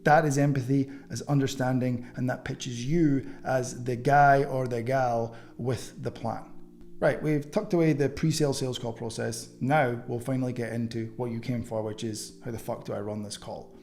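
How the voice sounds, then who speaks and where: A man's voice: medium pitch, fairly even intonation, normal speed, darkish tone, slight background noise. A man teaching an online coaching course in a blunt, casual way, swearing freely.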